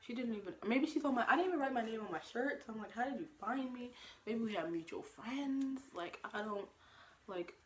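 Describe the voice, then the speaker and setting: A woman's voice: a little high, lively intonation, fairly quick. A young woman telling a story in a casual vlog, talking animatedly with lots of fillers and acted-out quotes. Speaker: vlogger.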